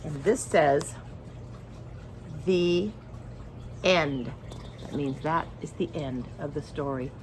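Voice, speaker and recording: A woman reading a picture book aloud to children, slow and gentle, explaining the story to young listeners. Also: sits low, slight background noise, low-quality recording.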